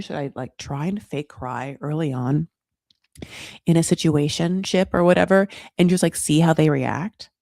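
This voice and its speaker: A woman's voice: sits low, gravelly, warm tone, dry recording, studio quality. A woman hosting a casual reality TV recap, chatty and frank, swearing freely and putting on dramatic voices when she quotes people. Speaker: recap show host.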